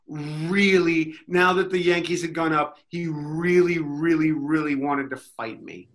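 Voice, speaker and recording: A man with a bright, forceful voice spins a rambling comic story on a podcast panel. He sits slightly high in pitch and sounds amused with himself, stacking asides and restarts. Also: fairly even intonation, unhurried, hardly any pauses. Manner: rambling, self-amused, acts out loud mock quotes.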